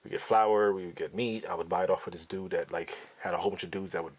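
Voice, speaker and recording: A middle-aged father hosts a podcast where he tells his son stories in a blunt, profane, outspoken way. He talks quickly in a low-pitched voice with fairly even intonation.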